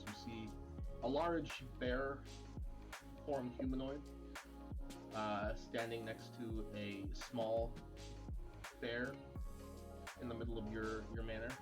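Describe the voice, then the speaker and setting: A man narrating a tabletop game as game master, relaxed and halting with many fillers. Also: medium pitch. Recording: stream with background music.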